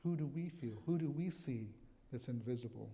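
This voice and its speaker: Man, pastor, conversational sermon, mellow tone, live church service, long hall reverb. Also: medium pitch, expressive, normal speed. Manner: conversational, reflective, reads scripture aloud. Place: church sanctuary.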